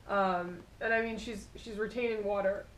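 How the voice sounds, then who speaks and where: A woman's voice: mid-range voice, steady tone, normal speed, a little hiss or hum, poor audio. A woman guesting on a podcast, chatting frankly and casually, swearing and trailing off with fillers. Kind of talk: casual chat.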